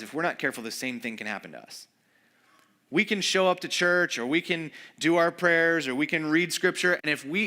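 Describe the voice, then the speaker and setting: Man preaching a sermon, bright tone, animated delivery, quiet low drops for emphasis. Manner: conversational, animated, acts out quoted voices. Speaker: pastor.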